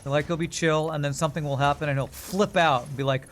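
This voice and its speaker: A man's voice: on the high side, steady tone, fast, hardly any pauses, fairly bright tone. A man streaming a game live, thinking aloud in rambling, self-mocking casual commentary.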